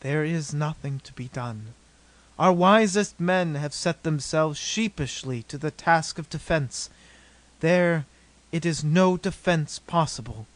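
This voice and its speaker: A man's voice: on the high side, no echo. A man voicing a grave, despairing woman ruler. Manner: slow, solemn, old-fashioned speech.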